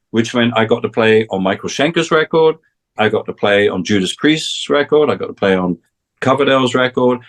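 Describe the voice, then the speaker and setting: A middle-pitched English man in his sixties rambles through stories about his career, doubling back and restarting sentences as he goes. Now and then he acts out other people's lines in a voice pitched higher than his own. He sounds like a guest speaking over a video call. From England. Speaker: guest, session drummer. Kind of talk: casual storytelling interview.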